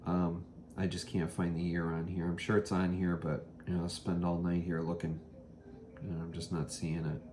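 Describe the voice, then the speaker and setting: A man's voice: deep voice, monotone, moderate pace, dark tone, slight background noise. A man hosting a casual thrift haul vlog, rambling with many ums and self-corrections. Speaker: vintage reseller and vlog host.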